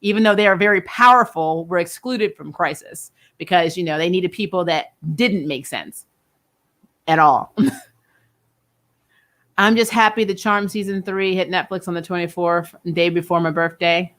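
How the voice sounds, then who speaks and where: A chatty young woman with a fairly low voice runs a casual live-stream, answering viewers in loose, rambling sentences. She laughs often and leaves thoughts half-finished. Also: normal speed, a bit bright. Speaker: host of a TV review channel. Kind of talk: casual live-stream chat reading comments.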